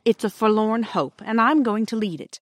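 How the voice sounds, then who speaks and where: A proud young boy with a secret plan, read aloud by a woman. He speaks in a lofty, indignant manner, raised a little higher and louder than plain narration. The recording is close and dry. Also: moderate pace, no echo, close to an everyday voice.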